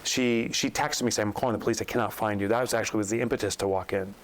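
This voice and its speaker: On this low-quality recording with a little hiss or hum, a man with a lower voice races through a story as a podcast guest. He's an author and business coach who tells it with animation, acting out quoted lines and climbing sharply in pitch when incredulous.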